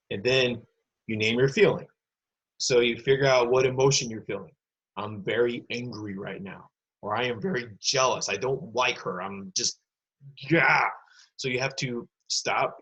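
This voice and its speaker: A man's voice: medium pitch, a bit bright, husky, low-quality recording. A man teaching an online lesson to schoolchildren, talking casually with many fillers and encouragement.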